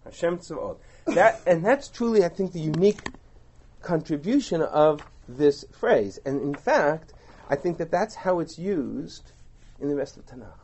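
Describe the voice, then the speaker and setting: A man teaching a text study class, explaining with animated, rhetorical asides. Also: a little high, unhurried, a little hiss or hum.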